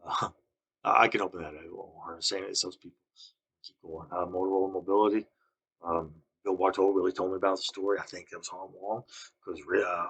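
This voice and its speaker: Low, bright-toned husky man. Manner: halting, accusatory, frequent restarts. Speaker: vlogger. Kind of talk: rambling spoken monologue.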